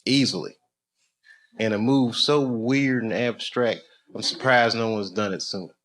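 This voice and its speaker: A middle-aged man doing a stand-up routine, telling stories in a profane, animated way and slipping into mock voices. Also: medium pitch, measured pace. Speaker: stand-up comedian. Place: comedy club stage with a laughing audience. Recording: loud audience noise, live club recording.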